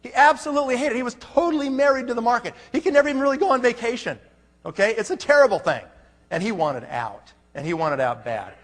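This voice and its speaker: A man's voice: very high voice, expressive, fast talker, a bit bright. Man telling a story in a big hall. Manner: storytelling, acting out both sides of a phone call. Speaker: conference speaker. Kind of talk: motivational conference talk. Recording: long hall reverb.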